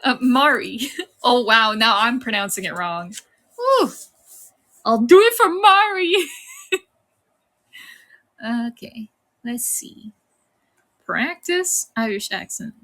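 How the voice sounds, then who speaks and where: A woman's voice: fairly high pitch, big pitch swings, slow, long pauses, fairly bright tone. A young woman streamer chatting casually on a live stream, giggling often as she thanks viewers and reads the chat.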